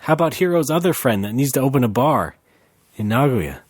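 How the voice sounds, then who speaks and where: A man's voice: mid-range voice, sing-song, a little fast, slightly rough, no echo. A man co-hosting a podcast in casual chat, answering with dry wisecracks and short replies. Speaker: podcast co-host.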